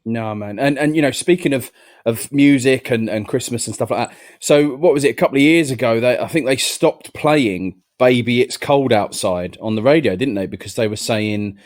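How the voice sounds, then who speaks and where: A man's voice: mid-range voice, moderate pace. A man co-hosting a casual chat, telling jokey stories with mock outrage. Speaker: podcast co-host.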